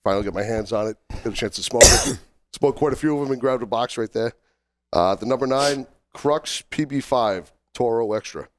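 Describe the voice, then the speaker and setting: A man co-hosting a casual podcast while under the weather from a cold, talking haltingly with many fillers as he works through a list. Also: mid-range voice, a little hiss or hum. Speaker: podcast co-host.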